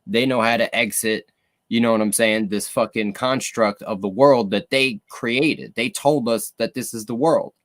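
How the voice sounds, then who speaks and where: A man's voice: fairly low pitch, normal speed, no room sound. A man in casual podcast chat, talking profanely and emphatically, often checking in with his listeners. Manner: profane, emphatic, keeps checking in with "you know what I mean". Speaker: podcast co-host.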